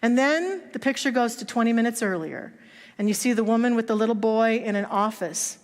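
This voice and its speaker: A woman's voice: fairly high pitch, brisk. A woman minister giving a sermon, telling stories and acting out the voices of the people in them. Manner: storytelling, acts out quoted voices. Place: church sanctuary. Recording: long hall reverb.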